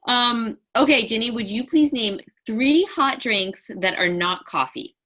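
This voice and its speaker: A woman's voice: fairly high pitch, very animated, a little slow, bright, forceful tone. A woman co-hosting and running a quiz game, giggly in manner. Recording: roomy echo.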